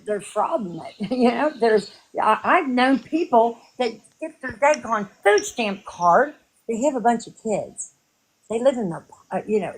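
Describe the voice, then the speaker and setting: Female caller; halting and unsure, turns emphatic and sermon-like. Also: mid-range voice, low-quality recording. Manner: hesitant with many ums, then preachy and emphatic. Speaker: caller in a debate. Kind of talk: casual live debate.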